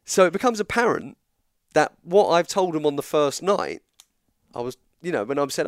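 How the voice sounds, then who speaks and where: In casual chat, a guest from England tells a long story, bringing the people in it to life by animatedly acting out their lines. His voice is a little high and a little fast, in a studio-quality recording with no echo.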